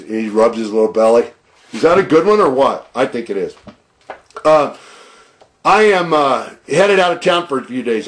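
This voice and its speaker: A man addressing viewers in a rambling, boastful video blog, recorded on his own camera. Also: medium pitch. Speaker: video blogger. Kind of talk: casual video blog monologue. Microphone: own camera at home.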